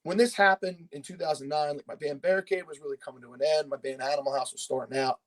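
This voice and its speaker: A man's voice: fairly high pitch, steady tone, fast, low-quality recording. A man in his thirties from Pennsylvania, speaking as a podcast guest. He tells his story in loose, casual talk full of fillers and frequent swearing. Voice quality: swears freely, rambling with fillers.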